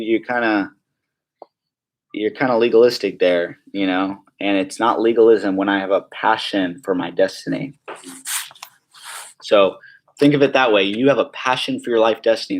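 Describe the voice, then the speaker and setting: A man leads a prayer-school class in an easygoing, conversational way. His voice sits a little low, and he jokes with the room and keeps asking if they follow. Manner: chatty, joking, full of "like" and "right?". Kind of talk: casual classroom teaching.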